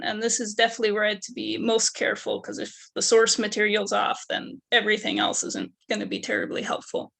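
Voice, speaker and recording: A young woman giving an academic research presentation, her voice gravelly with vocal fry. She works through her method methodically, one step after another. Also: mid-range voice, fairly bright tone. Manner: methodical, explaining steps one by one. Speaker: undergraduate researcher.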